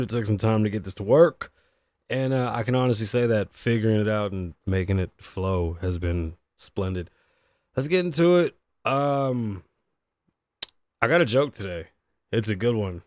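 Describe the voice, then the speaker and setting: Recorded dry, a man with a lowish, darkish voice hosts his own livestream podcast. He chats loosely with his audience and with himself, cursing a lot, and his voice sounds worn and shot.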